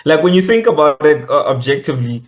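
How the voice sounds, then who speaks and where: A man's voice: on the high side, animated, fast. A man, co-hosting a podcast in casual, amused and rambling chat. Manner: rambling and amused, searching for words. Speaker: podcast co-host.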